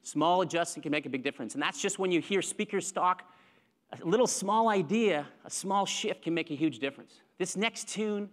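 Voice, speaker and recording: A man's voice: high-pitched, moderate pace. A man giving a live motivational talk to a conference audience, upbeat and leading them in clapping to rhythm. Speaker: keynote speaker.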